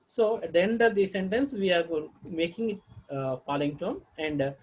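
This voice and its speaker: A man teaching a lesson on English intonation, reading example sentences with exaggerated rises and falls and pausing often to restart. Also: sits high, slight background noise, low-quality recording. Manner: hesitant, with fillers and restarts.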